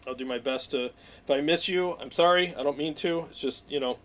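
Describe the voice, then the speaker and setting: A man hosting a weekly livestream, talking in an excitable, rambling way and greeting viewers by name. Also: fairly high pitch, fairly quick, a little hiss or hum. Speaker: livestream host. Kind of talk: casual livestream chat.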